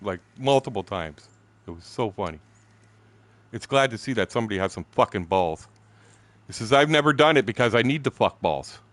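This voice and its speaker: A Canadian man in his sixties spins a story between game moments, swearing freely and laughing at his own lines. His voice sits low but leaps around with lively pitch swings. The sound is dry and close, with no room echo. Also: moderate pace. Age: 60s. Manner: profane, blunt, laughing storyteller. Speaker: streamer telling a story. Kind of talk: casual storytelling chat.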